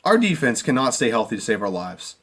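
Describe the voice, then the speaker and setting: A man delivering a heated fan rant about a football game. His voice sits at an ordinary middle pitch. He sounds worked up and exasperated, and he keeps looping back over the same points. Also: big pitch swings, a little fast, fairly bright tone, a little hiss or hum. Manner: emotional, exasperated, repeats himself. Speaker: sports fan commentator. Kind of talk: ranting game review.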